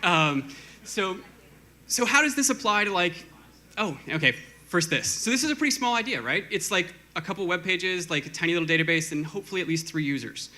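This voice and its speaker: A man speaks on a stage with a high, very bright and keen voice. He talks quickly in a casual, self-deprecating way, full of ums and restarts. Faint room noise sits under the stage mic. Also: expressive. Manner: quick, self-deprecating, halting with many fillers. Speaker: conference speaker. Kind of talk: short stage talk.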